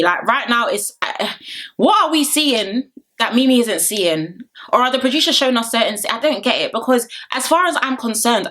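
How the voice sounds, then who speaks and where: A chatty woman talks straight to camera, recapping a reality dating show episode in a casual vlog. She is animated, laughs often, and her voice sits at a middle pitch for a woman. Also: brisk. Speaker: reality TV reviewer.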